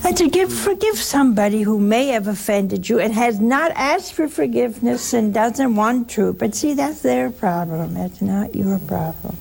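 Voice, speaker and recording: A woman giving a folksy, humorous religious talk to listeners, sometimes dropping into a hushed aside. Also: fairly high pitch, expressive, normal speed, creaky, hardly any pauses, a little hiss or hum. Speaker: religious speaker. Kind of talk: conversational broadcast talk to listeners.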